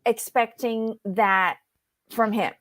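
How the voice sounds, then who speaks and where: A woman with a fairly high voice talks slowly and casually through her show recap. She rambles, fills gaps with ums and starts sentences over. The recording is dry and close. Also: fairly even intonation, fairly bright tone, dry recording. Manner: chatty, rambling with fillers and restarts. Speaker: podcast co-host.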